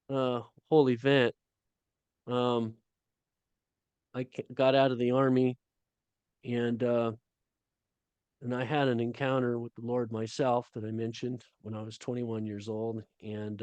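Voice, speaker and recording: A middle-aged man, a guest author, talking casually on a video call, halting often with fillers. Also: mid-range voice, steady tone, a little mellow, smooth, dry recording. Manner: halting storytelling with many fillers.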